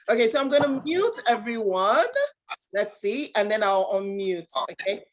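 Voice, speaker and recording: A bubbly woman hosts an online workshop over a video call. Her voice sits fairly high. She laughs often and fills her talk with exclamations. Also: lively intonation, measured pace. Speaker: workshop host.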